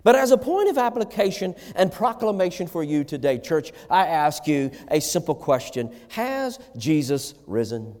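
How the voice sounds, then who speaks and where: Pastor guy preaching, high voice swinging all over, big church hall reverb. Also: sing-song, moderate pace, few pauses, darkish tone. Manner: impassioned preaching, rising and falling. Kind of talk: sermon.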